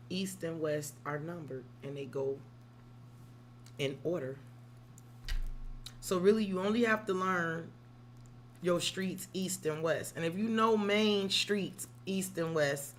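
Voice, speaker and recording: A salty, chatty woman from Chicago's South Side does a casual tarot reading on a livestream. Her voice is fairly low, she digresses and swears freely, and there's a little hiss or hum on the audio.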